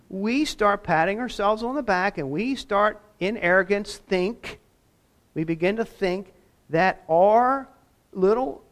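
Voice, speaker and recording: A pastor delivering a sermon, his voice sitting a little higher than most men's. He talks in an easy, conversational way and drops self-deprecating asides between points.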